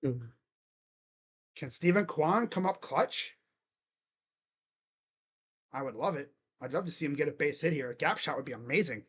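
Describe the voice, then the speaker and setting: A man doing excitable live play-by-play as a fan, cheering, chanting and grumbling at his team. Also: fairly high pitch, normal speed, long pauses, husky. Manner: animated, cheering and chanting, swings to muttered grumbling. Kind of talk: excited live game commentary.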